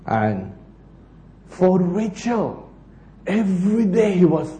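Animated pastor man in an echoey room. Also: fairly high pitch, unhurried, pauses often, a little hiss or hum. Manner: animated storytelling with laughs and playful voices. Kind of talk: sermon.

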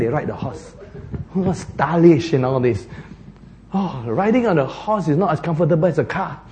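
A man's voice: fairly high pitch, darkish tone. A man preaching a sermon, telling the story with animation, laughing often and acting out the characters.

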